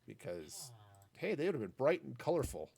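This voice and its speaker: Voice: medium pitch, big pitch swings, moderate pace, vocal fry, a little mellow, a little hiss or hum. A gaming streamer in their forties chatting casually while playing, rambling into asides and silly puns.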